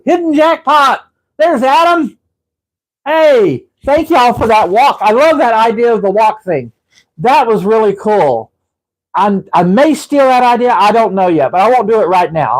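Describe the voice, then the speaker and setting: High-voiced chatty man. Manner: rambling, chatty, reading out viewer comments and laughing. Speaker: livestream host. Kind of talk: casual live-stream chat.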